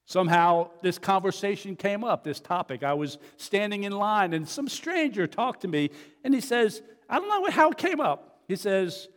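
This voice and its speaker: A man's voice: high voice, sing-song, normal speed. A middle-aged man preaching a sermon, telling stories in a folksy, conversational way with fillers and restarts. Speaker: pastor. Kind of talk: sermon with storytelling. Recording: long reverb of a large hall.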